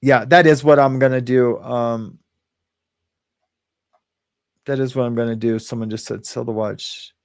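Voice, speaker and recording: A man hosting a casual livestream, reading viewer comments aloud and rambling with frequent chuckles and halting restarts. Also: mid-range voice, fairly even intonation, no room sound, studio quality. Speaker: livestream host.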